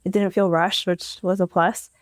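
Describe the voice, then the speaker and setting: A woman's voice: fairly low pitch, little pitch movement, normal speed, no room sound, clean studio sound. A young adult woman guest on a podcast, telling her story with enthusiasm and many fillers. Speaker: podcast guest, incoming law student. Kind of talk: casual interview talk.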